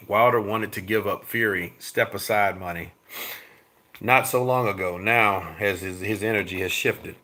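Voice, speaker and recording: A man hosting a casual boxing show, reading viewer comments aloud and swearing freely as he jumps between loud outbursts and low mutters. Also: measured pace. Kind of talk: casual live-chat commentary.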